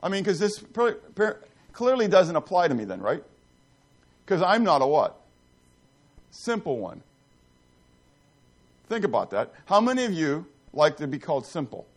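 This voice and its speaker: Lively high-voiced man preaching a sermon. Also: measured pace, long pauses. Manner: conversational, asks the congregation questions, many asides and restarts. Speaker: pastor.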